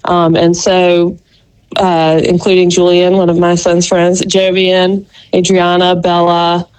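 A woman's voice: lowish voice, monotone, slow pace, darkish tone, smooth, rough recording. Woman, local sports correspondent, chatty and rambling, filler-heavy. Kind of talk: radio call-in report.

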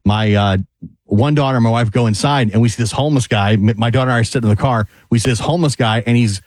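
Co-host, male, mid-pitched, fast, lively storyteller, dry studio sound. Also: no room sound. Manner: animated anecdote teller, voices others in quotes. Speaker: radio show co-host. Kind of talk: casual radio banter. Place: radio studio.

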